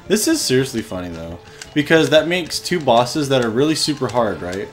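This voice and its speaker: Animated young man chatting over gameplay. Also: medium pitch, normal speed. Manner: relaxed, swears casually, trails off quietly. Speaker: let's play co-host. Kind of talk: casual gameplay commentary. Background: faint game music.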